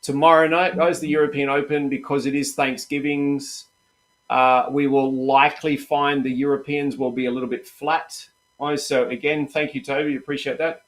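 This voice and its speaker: A man's voice: medium pitch, little pitch movement, moderate pace. A middle-aged Australian man hosting a live trading stream, chatty and encouraging, calling viewers "mate" and "guys". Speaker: live trading room host.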